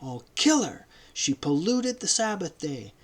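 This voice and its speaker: A man's voice: fairly high pitch, big pitch swings, a little slow, voice pushed up. A man voicing Barabbas, a violent, hostile brute, in a raised, threatening, roaring way in an audiobook reading. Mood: howling.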